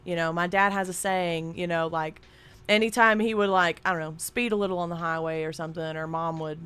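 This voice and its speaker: A woman's voice: on the low side, fairly even intonation, fairly quick, fairly bright tone, smooth. A woman streamer chatting casually and candidly into a desk microphone at home, rambling and swearing freely. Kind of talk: casual live-stream chat.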